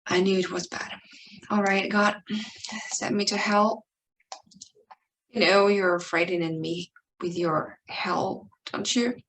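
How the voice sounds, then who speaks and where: Slow, pleading woman reading a story aloud. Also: mid-range voice, steady tone, a bit bright, slight background noise, rough recording. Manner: emotional, pleading reading with frequent small slips and restarts. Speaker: English teacher reading a short story aloud. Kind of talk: expressive dramatic reading of a monologue.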